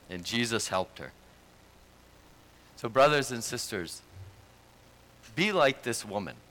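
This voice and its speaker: A man's voice: on the low side, bright, forceful tone. A man preaching a sermon as pastor, speaking in an earnest, conversational way.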